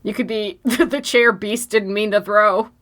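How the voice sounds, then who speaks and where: A woman's voice: medium pitch, fairly even intonation, unhurried, fairly bright tone, slight background noise. A young woman co-hosting a podcast in casual chat, laughing often and talking with lots of fillers. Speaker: podcast co-host.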